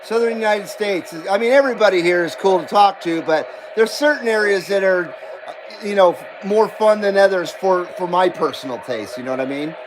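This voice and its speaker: A man hosting a CB radio livestream, chatting casually and reading out viewer comments in a laid-back, drawn-out way. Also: sits high, a crowd in the background, poor audio. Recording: steady background noise.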